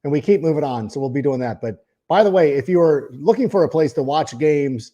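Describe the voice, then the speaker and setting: A man hosting a sports podcast in a loose, rambling monologue, his pitch swinging widely as he gets worked up. His voice is dark and mellow and sits a little high for a man. He stumbles over his words and restarts them again and again. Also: a little fast, muffled recording. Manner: animated, rambling, repeats words when starting sentences; reads a sponsor ad in the middle. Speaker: podcast host. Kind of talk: casual sports talk monologue.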